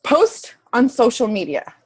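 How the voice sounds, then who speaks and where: A woman's voice: fairly high pitch, very animated, unhurried, slightly rough. A woman fitness coach in her thirties, talking to camera in a candid, chatty way and swearing casually. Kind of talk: casual motivational talk to camera.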